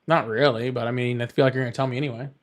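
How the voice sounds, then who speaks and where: A man's voice: mid-range voice, fairly even intonation, racing. A man hosting a live political call-in stream, blunt and dismissive with callers and thinking aloud between calls. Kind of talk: casual live call-in chat.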